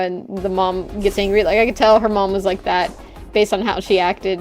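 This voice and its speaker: A woman's voice: medium pitch, fairly even intonation, a little fast, faint music behind. A woman streamer chatting casually while gaming, ranting with swearing and laughs.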